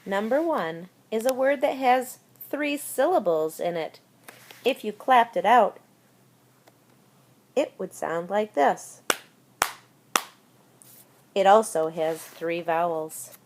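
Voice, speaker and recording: Slow, deliberate woman teaching spelling to kids. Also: mid-range voice, animated, a little mellow. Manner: deliberate, spells words out letter by letter. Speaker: elementary school teacher. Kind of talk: recorded spelling lesson for children.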